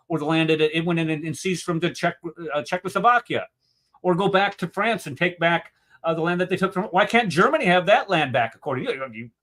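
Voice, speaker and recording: A man's voice: on the high side, fairly bright tone. A man from the United States hosting a show, giving emotional, sarcastic commentary on a video he is critiquing. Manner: emotional ranting; sarcastic, indignant. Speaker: host.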